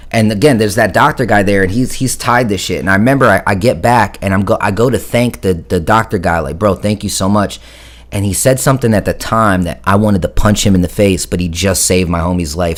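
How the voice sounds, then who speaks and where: A man in his thirties casually telling a long story, profane and rambling, often stopping to correct himself. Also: deep voice.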